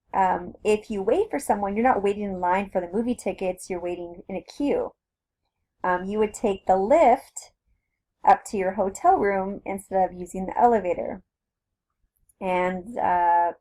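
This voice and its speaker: A woman teacher with a Southern Californian accent talks through a recorded lecture. She speaks at an ordinary pitch and keeps it casual and conversational, explaining step by step with plenty of fillers and restarts. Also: warm tone. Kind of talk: recorded flipped-classroom lecture.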